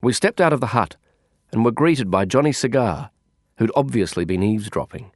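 A man narrating a first-person audiobook in a wry, descriptive, expressive way. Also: medium pitch, normal speed, no echo, studio quality.

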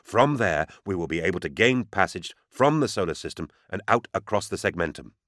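Man doing a grim warrior captain, very deep voice, firm and deliberate, commanding, audiobook character. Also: animated, a bit bright, no echo, studio quality. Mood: resolute. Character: stern male warrior captain, grim and dutiful.

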